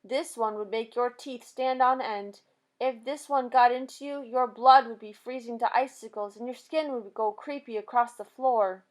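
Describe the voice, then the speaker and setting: A woman voicing a big, gentle, excitable male giant who mangles his grammar and makes up words. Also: a little high, normal speed, close to an everyday voice. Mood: indignant.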